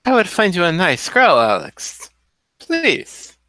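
A man's voice: high-pitched, huge pitch swings, takes it slowly, bright, forceful tone, dry recording, pitched above the performer's own voice, full character voice. A man voicing a flirtatious Russian nightclub hostess with a put-on Russian accent, teasing and coaxing. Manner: teasing, coaxing, calls everyone darling.

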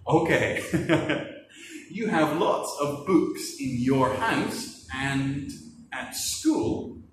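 A man teaching children English words, slowly enunciating and spelling letters out in a playful way, laughing and adding sound effects. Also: fairly high pitch, fairly bright tone, slight background noise. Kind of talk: children's vocabulary and spelling lesson. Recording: echoey room, distant mic.

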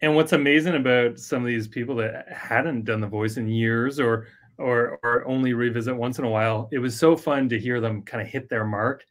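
A man's voice: mid-range voice, fairly even intonation, normal speed, hardly any pauses, fairly bright tone. A man with a mid-range voice tells behind-the-scenes stories as an interview guest. He sounds friendly and upbeat throughout. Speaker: guest, animation director. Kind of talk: casual interview.

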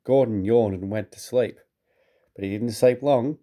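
Mellow British man reading a storybook. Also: mid-range voice, moderate pace. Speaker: narrator.

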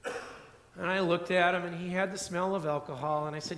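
A man preaching a sermon as pastor, telling a personal story and acting out the dialogue in a quieter voice. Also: sits high, fairly even intonation, moderate pace. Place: church sanctuary. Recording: echoey church hall reverb.

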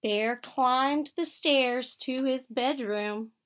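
A woman teacher reading a picture book aloud to children and asking them questions in an expressive storytelling manner. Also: high-pitched, drawn-out words.

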